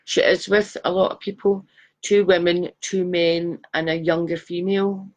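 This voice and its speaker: A woman's voice: on the low side, little pitch movement, normal speed. A woman giving live psychic readings, chatty and affectionate, calling viewers darling. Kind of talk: live-stream chat reading viewers' photos.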